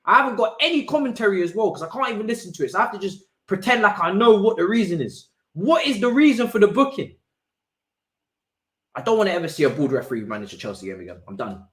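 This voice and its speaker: A man's voice: sits high, very animated, quick pace. A man hosting a live football watch-along, ranting in exasperated slang. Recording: roomy echo.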